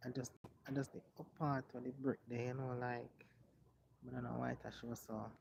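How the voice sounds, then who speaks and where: A man chatting casually on a live stream outdoors, rambling and halting with lots of filler words. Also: medium pitch, little pitch movement, creaky, background noise. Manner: rambling and halting, full of "like" and "you know".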